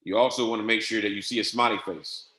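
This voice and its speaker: Low-voiced male instructor, methodical screen-share dictation, roomy echo. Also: steady tone, fast, bright, forceful tone. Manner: dictating settings step by step, repetitive and patient. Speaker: trading software instructor. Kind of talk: screen-share software walkthrough. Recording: echoey room.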